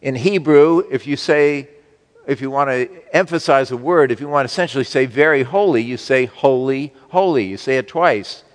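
A man preaching a sermon to his congregation, slow and emphatic, with wide swings between loud and soft. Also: medium pitch, long reverb tail. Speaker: pastor.

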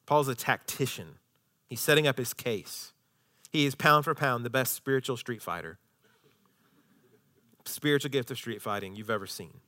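A male pastor preaching a sermon, moving between hushed, almost whispered lines and loud, impassioned passages. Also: mid-range voice, moderate pace.

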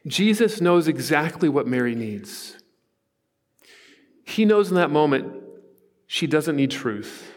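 Middle-aged male pastor, fairly high voice, conversational and earnest sermon delivery, long church-hall reverb. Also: big pitch swings, slow, long pauses. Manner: earnest, conversational storytelling with asides to the congregation. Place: church sanctuary.

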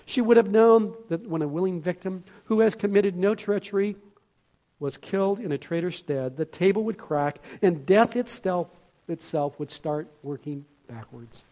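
Man reading as a majestic lion, calm and solemn, raised and fairly high voice. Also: normal speed, lightly acted. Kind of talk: sermon reading.

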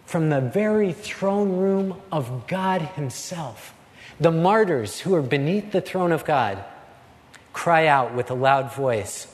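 A man preaching a sermon as a pastor, slow and earnest, with dramatic pauses. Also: fairly high pitch, expressive, in a large hall.

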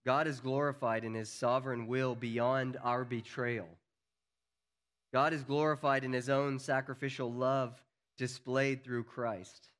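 A man's voice: level tone, measured pace. Earnest preaching man. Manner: earnest, rises to emphatic peaks then drops low and quiet. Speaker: pastor. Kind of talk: sermon.

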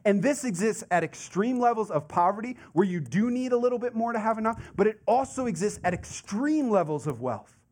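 A man preaching a sermon in a conversational, animated way, full of asides and rhetorical questions. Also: high voice, a little fast, few pauses. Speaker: pastor.

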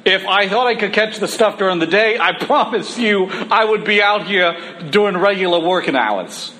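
A man's voice: high-pitched, expressive, normal speed, sharp tone, pitched above the performer's own voice, rough recording. A man voicing a blunt, streetwise fisherman with a New York accent during a sermon. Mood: skeptical.

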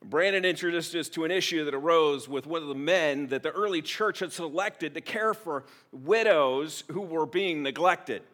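A man's voice: on the high side, moderate pace, hardly any pauses. A man preaching a sermon as pastor, telling stories with acted-out quotes. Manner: animated storytelling with acted-out quotes. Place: church.

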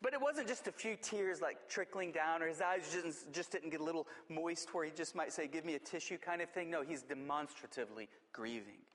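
A man preaches from the pulpit in a somewhat high voice. He presses hard on some phrases and sinks to quiet, slowed words on others. His voice carries a long reverb from a large hall. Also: lively intonation. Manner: swings between urgent emphasis and hushed, drawn-out delivery. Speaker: pastor. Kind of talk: sermon.

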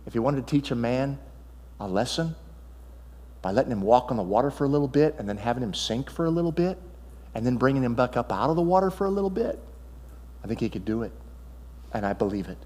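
A male pastor preaching a sermon, telling Bible stories in an animated way and swinging between loud, excited passages and hushed ones. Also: mid-range voice, fairly quick, in a large hall.

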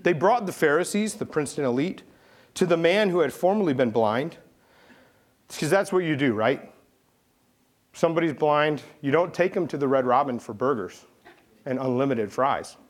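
A man preaching a sermon to a congregation, telling stories with lively energy and briefly acting out the voices of the people in them. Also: normal speed, long pauses. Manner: animated storytelling, acting out voices with big pitch swings. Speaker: pastor.

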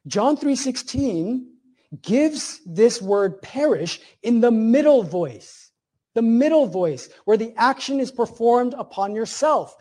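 Emphatic high-voiced male preacher. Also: expressive, mellow. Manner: emphatic, repetitive cadences with slow, stressed phrases; teacherly explanations with examples. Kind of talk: sermon.

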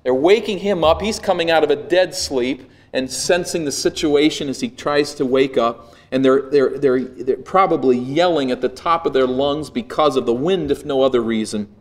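A male pastor preaching a sermon, retelling a scene with vivid, dramatic storytelling that swells and drops to a hush. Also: medium pitch, normal speed, hardly any pauses.

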